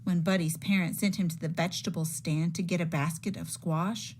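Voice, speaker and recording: A woman teacher reading a picture book aloud to children in a slow, expressive storytelling manner. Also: on the low side, a little hiss or hum.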